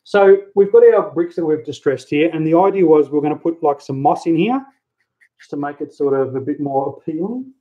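A man's voice: a little high, fairly quick. Chatty man on dull camera audio. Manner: relaxed, chatty, mildly profane, talks while working. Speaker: hobby model builder, channel host. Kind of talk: casual how-to crafting chat. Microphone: handheld camera mic.

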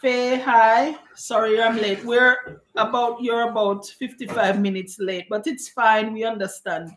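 A woman's voice: fairly high pitch, fairly even intonation, measured pace. A woman hosting a live cooking stream, chatting and greeting viewers by name as she reads their comments. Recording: echoey room.

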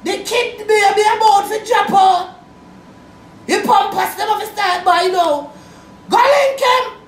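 A woman with a Jamaican accent delivering a loud, profane comedic rant, often shouting. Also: very high-pitched, slow. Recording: roomy, distant from mic.

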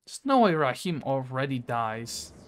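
A man's voice: mid-range voice, sing-song, unhurried, slight background noise. A young man chatting casually with a friend during a co-op video game, stammering when things get hectic. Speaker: co-op gaming partner. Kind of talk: casual gameplay chat.

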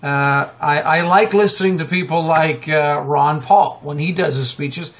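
Male live-stream host, middle-aged, high-pitched, talkative and excitable, restarts his sentences a lot. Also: measured pace. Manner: excitable, chatty, many fillers and restarts, sudden high exclamations. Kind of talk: rambling political commentary monologue.

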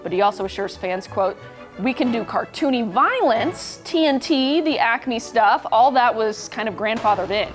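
A woman's voice: a little high, animated, moderate pace, soft background music. A young woman anchoring morning entertainment news, reading stories and riffing chattily with co-hosts. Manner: bright, chatty delivery, reads then riffs.

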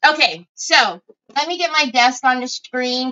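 A woman's voice: sits high, animated, measured pace, pushed and bright, clear, resonant tone. A middle-aged woman hosting a craft livestream, chatting casually and greeting viewers by name. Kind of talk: casual live-stream chat. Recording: dull lo-fi home stream audio.

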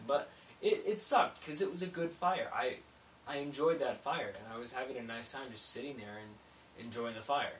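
A young man vlogging casually, rambling and self-mocking, swinging between low mumbles and sudden loud bursts. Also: slight background noise. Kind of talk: casual vlog monologue. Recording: roomy echo, a bit distant from mic.

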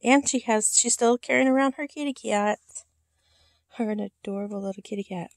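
A woman showing her doll collection in a casual vlog, soft-spoken and halting, often dropping to a whisper and holding back tears. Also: on the high side, vocal fry, no echo, studio quality. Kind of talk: casual show-and-tell vlog.

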